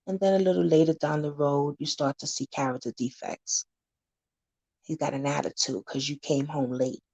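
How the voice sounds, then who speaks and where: A woman's voice: low-pitched, a little mellow, husky. A woman community advocate talking casually to camera, blunt and candid, warning her viewers and acting out scenes to make her point.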